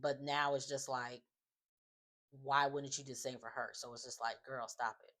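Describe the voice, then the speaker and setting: A woman's voice: rumbling low, little pitch movement, normal speed, fairly bright tone. A woman giving a casual, opinionated recap of a reality show, chatting loosely with many fillers. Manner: chatty, opinionated, often says "just like" and "um".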